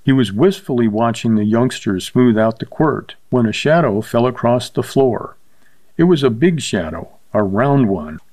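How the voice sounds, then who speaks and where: A man reading a western story aloud in steady, measured narration. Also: medium pitch, dry recording. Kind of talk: scripted audiobook narration.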